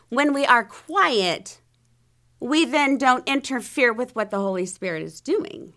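A woman's voice: on the high side, expressive, unhurried, a bit bright. A woman hosting an interview, reflective, asking thoughtful questions and laughing easily. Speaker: host. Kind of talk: conversational interview.

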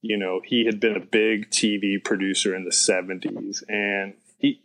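A man's voice: lowish voice, flat delivery, moderate pace, vocal fry, fairly bright tone, a little hiss or hum, low-quality recording. A younger man, a filmmaker guest, talking casually in a rambling way, full of "you know". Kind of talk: casual interview chat.

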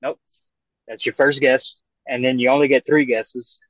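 A man's voice: mid-range voice, flat delivery, normal speed, no room sound, highs cut off. A man in casual podcast chat, bluntly explaining the rules of a quiz game and swearing freely.

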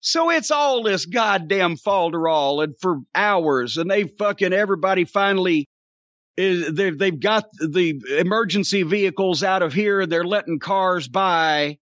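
A man hosts a podcast and tells a long, profane story, acting out his own yelling along the way. His voice sits very high and sounds sharp and forceful. The recording is dull and lo-fi, with a dry, close sound. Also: unhurried, dry recording. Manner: profane, animated, reenacts shouting. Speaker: podcast host. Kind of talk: storytelling rant.

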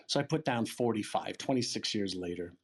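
A man's voice: lowish voice, a little fast, husky. A man in his sixties telling a long personal story in an interview, acting out the dialogue with a casual, blunt manner. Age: 60s. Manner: lively retelling, acting out quoted dialogue, casual swearing. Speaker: interview guest. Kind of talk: storytelling in a conversation.

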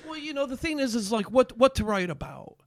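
A man, a songwriter and bandleader, chatting casually as a podcast guest, telling stories in an animated, rambling way with lots of fillers and restarts. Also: extremely high pitch, a little fast, no room sound. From Albany, New York area. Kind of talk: casual chat, storytelling.

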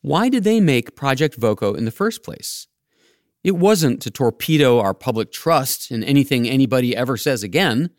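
A man's voice: medium pitch, animated, normal speed, no room sound, studio quality. A man hosting a podcast, narrating his script in a wry, playful way. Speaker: podcast host.

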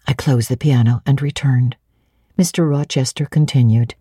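A woman giving a dramatic reading of a classic novel, narrating in the first person in a measured way. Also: a bass voice, steady tone, mellow, husky, dry recording, studio quality. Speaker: reader.

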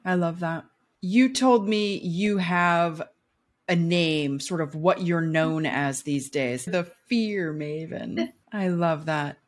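A woman hosting an interview, affirming her guest as she talks. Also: fairly low pitch. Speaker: podcast host. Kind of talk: interview chat.

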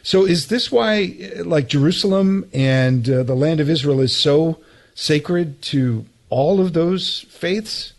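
A man's voice: fairly high pitch, takes it slowly, darkish tone. A man interviewing a guest, asking questions hesitantly with fillers. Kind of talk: conversational interview.

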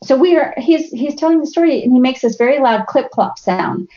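A middle-aged woman with a fairly high voice tells family stories as a podcast guest. She is animated and acts out her family's voices. The audio is a little muffled and lo-fi. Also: brisk. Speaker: guest speaker. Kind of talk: storytelling in a podcast interview.

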